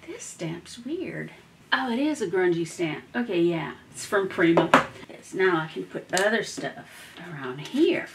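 A woman with a drawl talks her way through a craft project at her desk, slow and unhurried, murmuring little half-whispered asides to herself. Her home recording carries a clear hiss of background noise. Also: lowish voice, animated. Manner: muttering half-whispered asides while she works. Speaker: crafting vlogger. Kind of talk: casual craft demo talk.

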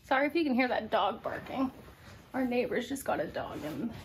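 A young woman vlogging casually from her apartment in a groggy morning voice, chatty and relaxed with lots of fillers. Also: fairly high pitch, moderate pace, a little hiss or hum. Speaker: DIY vlogger. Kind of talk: casual home vlog narration. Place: apartment living room.

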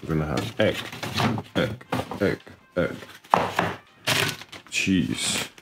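A man's voice: extremely low pitch, lively intonation, drawn-out words, very noisy. A man chatting casually in a vlog at home, with playful, joking self-commentary. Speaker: vlogger. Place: home kitchen. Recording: echoey kitchen with music.

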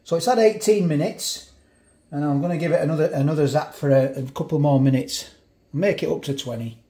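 Man, food review vlog, chatty, eats while talking, slightly high voice, echoey room, a bit off mic. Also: brisk, mellow, distant mic.

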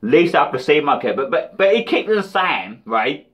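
A man's voice: on the high side, very animated, moderate pace, fairly bright tone. A British man ranting in a rambling, profane, taunting diss vlog. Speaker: vlogger.

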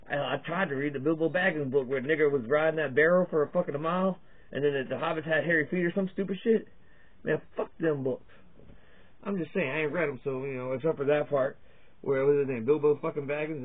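Man, comedy vlogger, rambling and profane, fairly high pitch, husky tone, tinny phone-like audio. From Virginia, USA. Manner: crude, profane, jokey, jumps between topics. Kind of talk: rambling stand-up style monologue.

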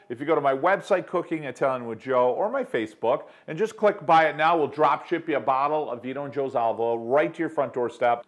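A middle-aged man hosts a cooking show in his home kitchen, talking to viewers in an upbeat, chatty way. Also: a little high. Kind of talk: casual cooking demonstration.

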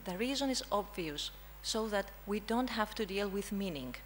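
A woman's voice: medium pitch, expressive, moderate pace, slight background noise, rough recording. Greek-accented woman teaching a room. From Greece. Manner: prompts audience with frequent "hmm?" checks. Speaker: language teacher presenting. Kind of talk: interactive conference talk. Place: conference room.

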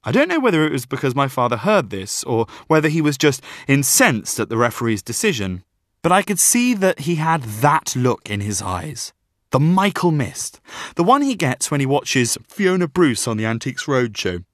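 A man's voice: medium pitch, moderate pace, no echo, clean studio sound. A young man narrating a humorous memoir audiobook and bantering with his co-reader. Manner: lively, defensive comic reading.

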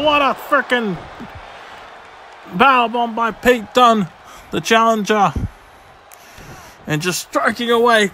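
A man with a high voice does play-by-play for a wrestling video game, drawing his words out slowly. He bursts into shouts at near-falls and big moves. Faint game sound hums behind him. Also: a little hiss or hum. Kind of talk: excited play-by-play commentary.

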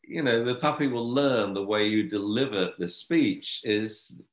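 An older man speaks with a somewhat low voice. He trades chatty remarks on dog training and laughs easily. The room around him rings with echo. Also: a little slow. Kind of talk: casual discussion.

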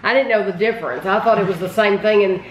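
A woman's voice: medium pitch, quick pace. Chatty woman tasting snacks, roomy sound. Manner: chatty, addresses viewers directly. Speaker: host. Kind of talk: casual food tasting chat. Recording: roomy with faint background noise.

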